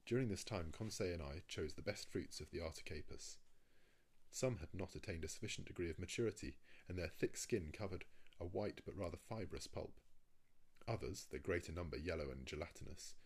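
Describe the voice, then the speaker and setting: Male audiobook narrator, measured and even, deep husky tone. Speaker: audiobook reader. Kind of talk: scripted narration of a classic novel.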